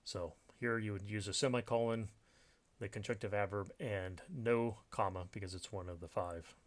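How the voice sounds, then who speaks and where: Low-voiced man teaching grammar, halting. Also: steady tone. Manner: halting, many fillers and restarts. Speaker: writing instructor. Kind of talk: recorded grammar lesson.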